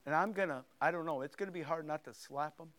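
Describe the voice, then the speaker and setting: A man preaching a sermon and reading scripture aloud, emphatic, swinging between loud outbursts and hushed asides. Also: on the high side, quick pace.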